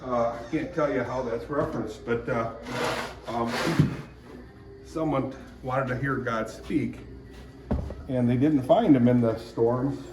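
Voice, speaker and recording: Slow-talking man, rambling devotional chat. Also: mid-range voice, heavy background noise. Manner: chatty and wandering, clears throat often, jokey asides. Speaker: vlogger sharing faith reflections.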